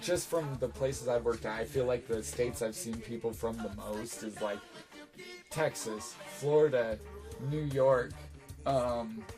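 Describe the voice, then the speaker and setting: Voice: medium pitch, unhurried. Easygoing podcast host, music behind. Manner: easygoing, chimes in with short agreements. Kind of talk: casual chat.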